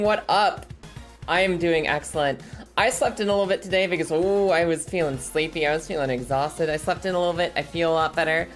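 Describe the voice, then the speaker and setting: A woman streaming and chatting casually, her voice a bit hoarse and scratchy, laughing often and rambling. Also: lowish voice, fairly quick, soft background music. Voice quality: scratchy throat.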